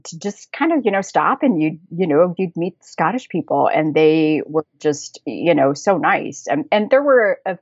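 A woman's voice: low voice, very animated, normal speed, slightly rough, no room sound, dull audio. An American woman chatting as a podcast guest, rambling and laughing often. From United States. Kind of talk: casual chat.

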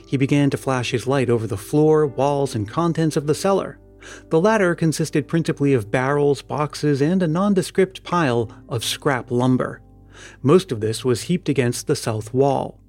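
A man narrating an audiobook in a steady, measured storytelling manner. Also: medium pitch, soft background music. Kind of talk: scripted narration.

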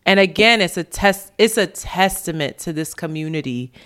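Woman, podcast co-host, casual chat, smooth clear tone, slightly low voice, animated storytelling. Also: moderate pace. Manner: animated storytelling, laughs often, voice jumps high when quoting.

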